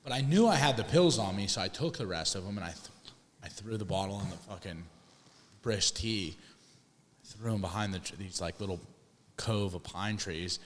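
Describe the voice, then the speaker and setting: A young man with a lowish voice tells a long story, rambling and restarting and swearing freely. His voice rings in a reverberant room, the way a casual podcast sounds. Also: fairly bright tone, slight background noise. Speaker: podcast co-host.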